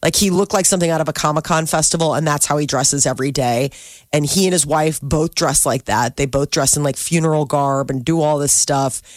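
A woman co-hosting a podcast tells a story in casual chat, animatedly acting out the voices of the people in it. Her voice is deep and a little fast, and the studio sound is clean with no echo.

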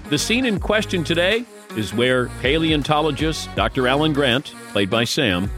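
A man's voice: on the high side, lively intonation, normal speed, fairly bright tone. A man interviewing an actor in an engaged, conversational way. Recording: music bed underneath.

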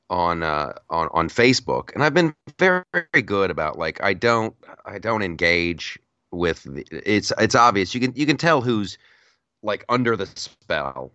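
A man's voice: fairly low pitch, bright, forceful tone, no echo, lo-fi sound. A man co-hosting a casual political chat podcast, rambling and repeating words as he tells stories. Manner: chatty storyteller, repeats words, laughs, puts on silly voices. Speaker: podcast co-host.

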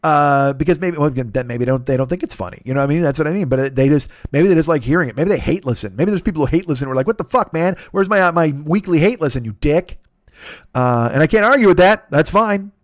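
A man's voice: fairly high pitch, lively intonation, fast talker, no room sound, clean studio sound. A middle-aged man hosting his own podcast, talking alone in a rambling, profane, self-deprecating way. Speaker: podcast host. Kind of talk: solo podcast monologue.

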